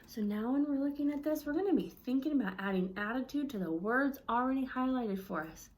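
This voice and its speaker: A woman speech-language pathologist teaching parents with a children's book, animated and encouraging, often asking questions. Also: high-pitched, a little fast.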